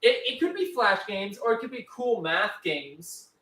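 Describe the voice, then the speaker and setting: A man's voice: sits high, sing-song, measured pace, bright, forceful tone, reverberant. A man co-hosting a casual livestream, rambling and telling stories to the chat. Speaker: co-host.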